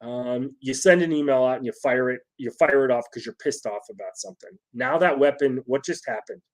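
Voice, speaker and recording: A man's voice: mid-range voice, brisk. A man hosting a casual solo talk on leadership, speaking to his viewers in a loose, conversational way and often tagging sentences with "right?". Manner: conversational, frequent "right?" tags, restarts. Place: home setup with phone nearby.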